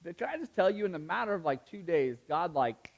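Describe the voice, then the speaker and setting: A young male pastor preaching in a lively, conversational way, packed with "like" and quick asides. His voice sits high and swings up as he gets excited. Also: creaky. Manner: animated, conversational preaching with many fillers. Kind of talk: sermon.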